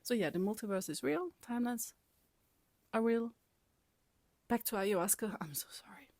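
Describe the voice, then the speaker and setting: A woman casually telling a personal story in her vlog, rambling and animated, often laughing and sometimes dropping to a whisper. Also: fairly high pitch, normal speed, dry recording. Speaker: vlogger.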